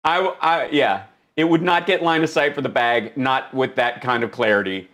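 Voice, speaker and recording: A man's voice: mid-range voice, moderate pace, a bit bright. A man hosting a live stream, giving comic political commentary in an exclaiming, mock-incredulous way. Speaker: livestream host.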